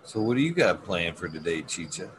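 A man's voice: low-pitched, big pitch swings, brisk, a little hiss or hum. A man chatting casually on a stream, laid-back and rambling, swearing often.

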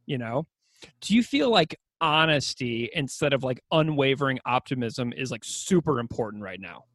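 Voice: medium pitch, lively intonation, normal speed, fairly bright tone, dry recording. A host in a casual conversation, chatty and leaning on "like" a lot.

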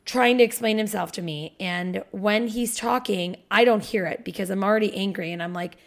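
Loud, profane woman telling a story. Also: mid-range voice, normal speed, creaky. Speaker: podcast co-host. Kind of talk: casual couple podcast chat.

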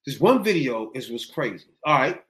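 A man's voice: medium pitch, moderate pace, noisy background. A man telling a story in casual, profane, slangy chat and acting out what people said. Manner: animated, profane, slangy, acts out quotes.

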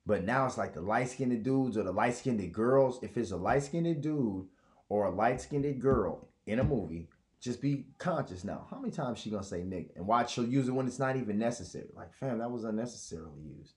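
A man's voice: medium pitch, lively intonation, a little fast, darkish tone. A man hosting a podcast in a casual, profane monologue, rambling and mocking others with put-on voices. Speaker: podcast host.

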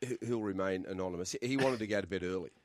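A man's voice: low-pitched, quick pace, no room sound. An Australian man on a sports radio show, telling a prank story with plenty of laughter. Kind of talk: casual radio banter, storytelling.

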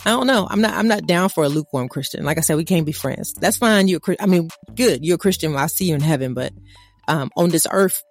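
Animated preaching woman, faint music. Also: low-pitched, fast. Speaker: podcast co-host. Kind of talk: casual faith talk.

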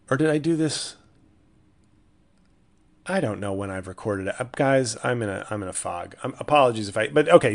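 A man hosting a casual solo podcast, rambling and self-deprecating with many restarts. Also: medium pitch. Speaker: podcast host.

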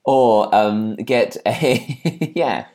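A man's voice: mid-range voice, expressive, drawn-out words, a little mellow. A man co-hosting a casual podcast over a video call, chatty and self-mocking, rambling with lots of fillers. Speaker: podcast co-host. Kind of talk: casual chat.

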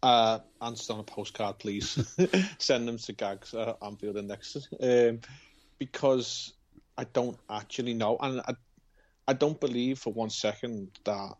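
A man, a podcast co-host explaining at length in a meandering way. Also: lowish voice. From Liverpool. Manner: meandering, explains at length with many "you know"s. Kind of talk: casual football podcast chat.

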